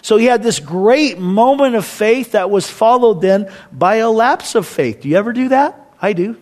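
A man's voice: high-pitched, expressive, normal speed. A man as pastor, giving a conversational, storytelling sermon to a church. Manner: conversational, storytelling, acts out quoted voices.

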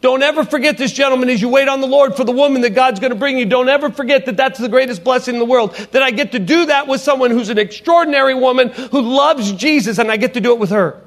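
A very high-pitched, fast-talking middle-aged man, both potter and evangelist, pushes through his emphatic testimony with few pauses. He repeats key phrases and alternates between soft and loud.

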